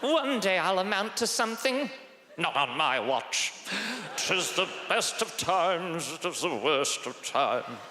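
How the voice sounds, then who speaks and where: A man's voice: sits high, sing-song, slow, bright, forceful tone, slight background noise, pitched above the performer's own voice, heavily acted. A man voicing a stern, scornful old Victorian headmaster who drags out his pronouncements. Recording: echoey hall, live stage.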